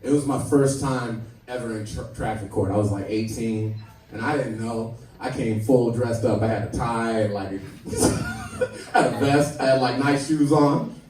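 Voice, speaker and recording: A man from San Diego doing a stand-up set, telling stories with animated asides to the crowd. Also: medium pitch, moderate pace, a little hiss or hum. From San Diego, USA. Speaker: stand-up comedian. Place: comedy club stage. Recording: roomy club, far from mic, audience laughter.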